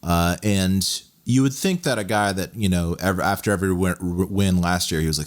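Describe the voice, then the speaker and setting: Deep-voiced rambling podcast co-host. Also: male voice, normal speed, hardly any pauses. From Texas. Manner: animated, laughing, rambling with many fillers. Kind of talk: casual chat.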